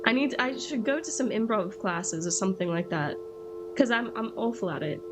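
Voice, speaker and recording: A woman streaming a video game, chatting casually and excitably and echoing the game text aloud. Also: medium pitch, normal speed. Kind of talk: casual gaming chat. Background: game music.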